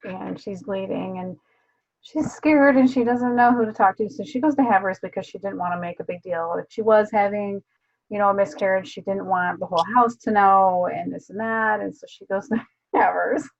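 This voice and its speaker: A woman co-hosting a casual book club chat, retelling scenes in an animated way with laughs and swearing. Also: medium pitch, moderate pace, vocal fry. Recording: dull lo-fi sound.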